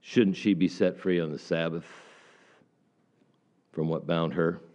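A man's voice: deep voice, fairly even intonation, measured pace, a little mellow. A middle-aged male pastor giving a conversational sermon, folksy and full of questions to the congregation.

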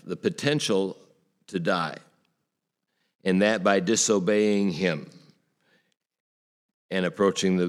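Male pastor with a low voice, earnest sermon delivery, poses rhetorical questions to the congregation.

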